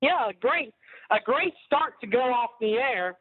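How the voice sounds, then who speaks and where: Joking male caller, high voice, rambling chat over a tinny phone line. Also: expressive, a little slow, slightly rough, no echo. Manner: joking, rambling, prone to pranks. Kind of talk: casual chat.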